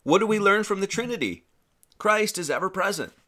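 Lively man preaching a casual sermon. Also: sits high, brisk. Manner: animated, chatty, many restarts and slang. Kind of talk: casual sermon with Bible reading.

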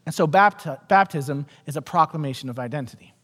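A man preaching a sermon as pastor, earnest, repeating key phrases and dropping low for emphasis. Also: fairly quick, fairly bright tone, long reverb tail.

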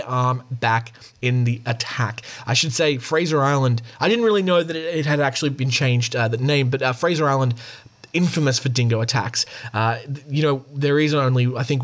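Chatty Australian man hosting a podcast. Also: medium pitch. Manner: chatty, reads news aloud with asides. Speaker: podcast host. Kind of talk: casual podcast news reading.

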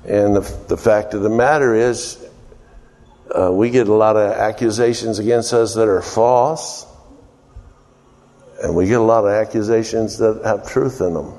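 A man preaching an informal sermon, rambling and unhurried with many fillers, his voice ringing with long hall reverb. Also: fairly low pitch, fairly even intonation, dark tone.

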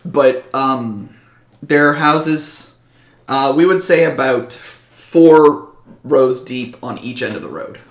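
A man's voice: mid-range voice, slow. A man running a tabletop game as game master, talking casually with fillers and restarts. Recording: echoey room.

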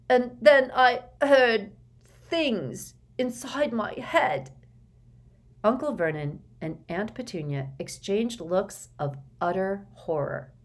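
A woman narrating an audiobook in a measured, even storytelling manner. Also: low-pitched. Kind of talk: scripted narration.

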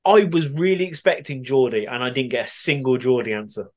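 A man's voice: mid-range voice, brisk. A man hosting a podcast, chatty and giggly as he reads listener answers in casual chat. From West Midlands, England. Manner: chatty and giggly, often laughing and swearing. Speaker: podcast host.

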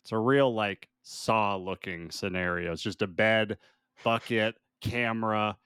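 A man's voice: fairly low pitch, measured pace, a bit bright, clean tone, no echo, clean studio sound. A man co-hosting a podcast, casually recapping a movie scene by scene and laughing often. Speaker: podcast co-host. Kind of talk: casual chat.

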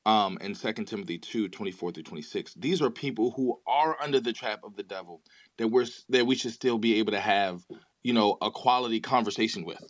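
In an online audio chat room, a man with a lowish voice makes an earnest case in a theological debate, speaking fairly quickly. He often repeats words as he starts a thought. The recording is dry.

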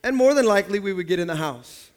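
A man's voice: high-pitched, animated, fast talker. A man pastor preaching a sermon in church, calling on the congregation to answer back and acting out little scenes in other people's voices.

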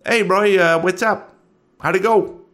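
A man doing a laid-back, high-voiced getaway driver. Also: a little slow, fairly bright tone. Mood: casual.

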